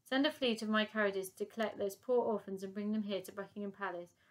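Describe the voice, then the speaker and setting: A woman reading aloud, voicing an elderly queen who is weary but kind, in a measured, softly regal manner. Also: mid-range voice, steady tone, close to an everyday voice.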